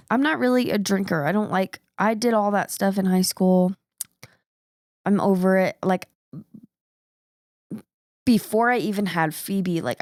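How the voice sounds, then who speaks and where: Gravelly-voiced woman with a cold. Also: on the low side, darkish tone, no echo, clean studio sound. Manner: chatty, rambling, laughs often. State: sick with a cold, rough voice. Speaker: podcast co-host. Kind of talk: casual chat.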